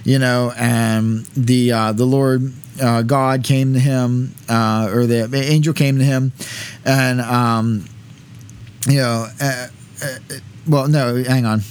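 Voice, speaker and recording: A man's voice: medium pitch, fairly even intonation, slow pace, a little mellow, clean tone. Rambling man teaching casually. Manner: rambling, many fillers, casual asides. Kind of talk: informal lecture reading texts aloud.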